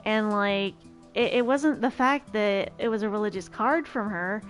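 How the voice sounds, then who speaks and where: A woman streamer telling a personal story in a chatty, emphatic way. Her voice sits at a middle pitch and she often restarts mid-sentence. Faint music plays behind her. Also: moderate pace. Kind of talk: casual story time.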